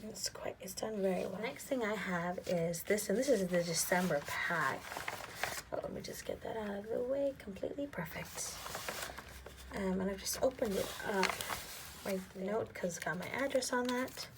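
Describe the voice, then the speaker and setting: A young adult woman hosting an unboxing vlog, gushing and excitable, often dropping to a soft near-whisper. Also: mid-range voice, moderate pace, noisy background. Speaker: planner vlogger.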